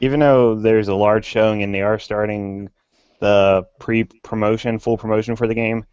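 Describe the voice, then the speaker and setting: A young man in a casual podcast chat, speaking in a measured, thoughtful way with some hesitation. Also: on the low side, steady tone, a little mellow, clean tone, dry recording. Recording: dry, dull lo-fi audio.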